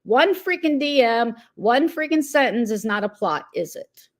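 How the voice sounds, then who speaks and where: A woman's voice: on the high side, animated, unhurried. A woman hosting a commentary talk, exasperated and incredulous, speaking straight to the person she criticizes. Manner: irritated, incredulous, addresses target directly. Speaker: commentary host.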